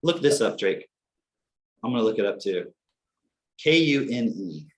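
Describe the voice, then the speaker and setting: Low-voiced man telling stories on a podcast. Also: measured pace. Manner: animated storytelling, acts out quotes, swears casually. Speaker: podcast co-host. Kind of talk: casual podcast conversation.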